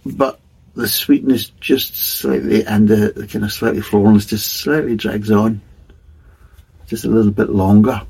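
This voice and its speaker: Casting: man, lowish husky voice, rambling beer reviewer who keeps qualifying himself. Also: fairly even intonation, a little slow, a little mellow, poor audio. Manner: rambling, hedging, many restarts. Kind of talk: casual tasting review.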